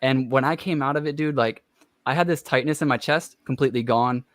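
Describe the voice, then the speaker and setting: Man, podcast host, mid-pitched voice, eager and rambling, filler words, dry close sound. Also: fairly quick, no room sound. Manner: excited rambling storyteller, many fillers. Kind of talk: casual chat.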